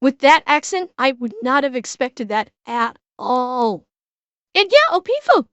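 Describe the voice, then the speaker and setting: A woman with a high voice talks casually to her stream, excitable and quick to swear. She keeps restarting her sentences as her thoughts race ahead. The sound is dry and close, with no room around it. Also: dry recording. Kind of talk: casual reaction chat.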